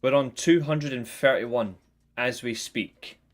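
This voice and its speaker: A man's voice: medium pitch, slow pace, soft background music. A man hosting a wrestling review livestream, chatting casually and jokingly with viewers, greeting them by name. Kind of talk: casual live chat to viewers.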